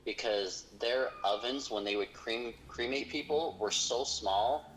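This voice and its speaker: A man who investigates hauntings, telling a long personal story in conversation, halting and full of fillers and restarts. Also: medium pitch, fairly bright tone, slight background noise, poor audio. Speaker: paranormal investigator.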